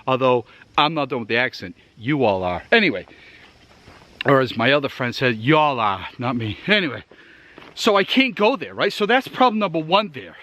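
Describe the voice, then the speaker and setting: A man's voice: mid-range voice, sing-song, normal speed, sharp tone. Massachusetts guy hiking thru the woods, kinda breathless, voice jumps all over, just rambling at the camera. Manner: rambling, chatty, addresses viewers directly. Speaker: outdoor gear vlogger. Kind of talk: casual rambling tour while hiking. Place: outdoors in the woods.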